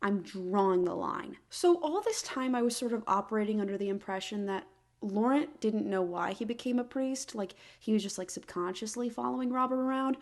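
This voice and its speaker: A young woman riffs through a comedic book review in a wry, exasperated voice that swings into mock drama. Her pitch sits in an ordinary middle range. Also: a little fast.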